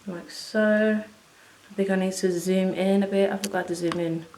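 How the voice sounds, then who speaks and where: A woman chatting to viewers as she works through a casual makeup tutorial at home, excitable and talking as she goes. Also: medium pitch, normal speed, slight background noise. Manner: chatty, excitable, talks to viewers while working. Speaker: beauty vlogger. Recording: echoey room.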